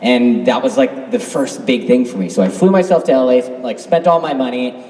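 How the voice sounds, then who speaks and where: A man's voice: medium pitch, animated, fairly quick, a little mellow. A man from Canada telling a story to a convention crowd in a chatty, laughing way, full of fillers. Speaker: actor on a convention panel. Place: convention hall stage. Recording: roomy hall from a distance.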